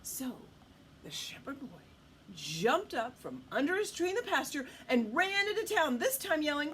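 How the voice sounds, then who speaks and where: Animated woman reading a storybook to kids. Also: high-pitched, moderate pace, slight background noise. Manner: animated, asks the listener questions. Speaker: storytime reader. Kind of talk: read-aloud storytime for children.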